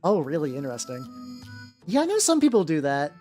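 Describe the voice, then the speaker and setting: The miniature-painting VTuber talks fairly quickly in a low, mellow voice whose pitch swoops wildly. She chats casually on stream with faint music behind her, rambling through lots of restarts and stumbles and throwing in casual swearing.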